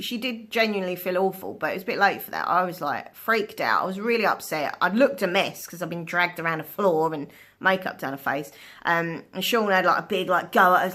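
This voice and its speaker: A woman's voice: fairly low pitch, a bit bright. A woman chatting to her phone camera, telling stories animatedly, laughing often and swearing casually. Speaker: vlogger. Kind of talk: casual storytelling chat.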